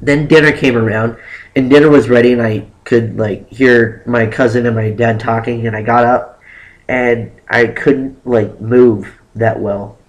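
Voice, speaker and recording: A young man telling a story casually on his vlog, animated and rambling, with lots of "like" fillers. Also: mid-range voice, unhurried, poor audio. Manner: acts out exaggerated quotes of himself and others. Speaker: vlogger.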